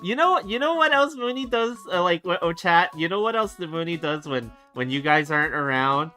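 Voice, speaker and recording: A man's voice: on the high side, animated, a little fast, bright, forceful tone. A man streaming casually, laughing often and teasing, stumbling over his words. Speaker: streamer and illustrator. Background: background music.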